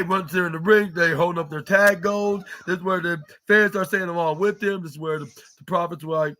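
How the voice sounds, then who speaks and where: A man's voice: high voice, fairly even intonation, fairly quick, bright, forceful tone. A man hosting a podcast, recapping a wrestling show in a loose, rambling way with many fillers and restarts. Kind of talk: casual recap.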